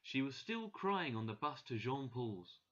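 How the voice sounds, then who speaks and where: Bright-voiced man reading a learners' story. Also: mid-range voice, very animated, measured pace, dull audio. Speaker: narrator.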